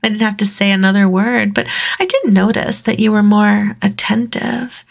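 A woman in an intimate audio role-play, speaking in a teasing, dominant way, dropping into whispers and giggling softly between phrases. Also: medium pitch, moderate pace, gravelly.

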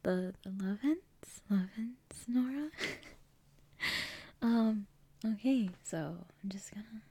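A woman whispers slowly into the mic, her voice airy and husky with a stuffy nose and a touch of hoarseness. She hesitates often, giggling softly between fillers. The tone stays mellow and hushed. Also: mid-range voice. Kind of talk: whispered casual talk to a mic.

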